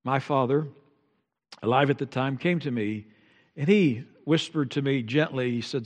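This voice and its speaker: A middle-aged man preaching a sermon as pastor in a church, swinging from hushed tones to loud, emotive peaks. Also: mid-range voice, moderate pace, lo-fi sound. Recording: long reverb in a large hall.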